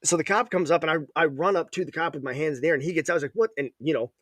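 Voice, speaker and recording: A man in his thirties telling a story in a casual chat, animated and profane. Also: a little high, very fast, no echo. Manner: animated, profane, acts out quotes. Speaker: podcast guest.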